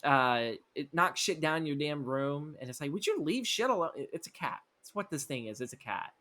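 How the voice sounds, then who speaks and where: A male podcast co-host in loose, profane chat, his voice sitting at an ordinary middle pitch. He rambles through a story and keeps slipping into quick acted-out lines for the people in it. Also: pushed and bright. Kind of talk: casual movie-script recap chat.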